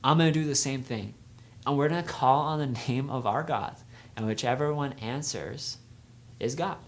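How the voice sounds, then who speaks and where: A man's voice: mid-range voice, normal speed, creaky, natural voice. Bold prophet, male, sarcastic taunting, as a youth speaker puts him on. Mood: challenging. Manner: sarcastic, mocking. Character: bold prophet, a grown man taunting rivals.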